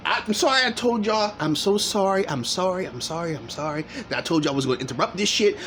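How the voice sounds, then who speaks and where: A man's voice: a little high, animated, fast talker, few pauses, a bit bright, a little hiss or hum. A man hosting a reaction commentary, cursing and heated as he interrupts a clip. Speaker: commentary channel host.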